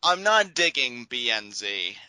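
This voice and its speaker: A man's voice: mid-range voice, sing-song, unhurried, a crowd in the background, low-quality recording. A man co-hosting a casual wrestling review podcast, talking in a hesitant, rambling way. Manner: hesitant, rambling, many fillers and restarts. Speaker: podcast co-host.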